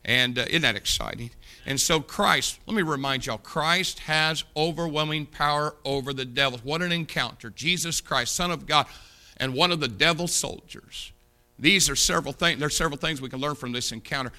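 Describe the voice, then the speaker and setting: Man, preacher, very bright tone, a bit high-pitched, impassioned sermon. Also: moderate pace. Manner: impassioned, rises loud on key points, drops low to confide.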